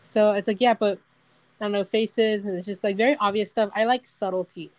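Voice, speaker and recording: A woman's voice: mid-range voice, steady tone, brisk, dry recording. A young woman co-hosting a casual chat podcast, rambling with lots of "like" and giggling. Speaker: podcast co-host.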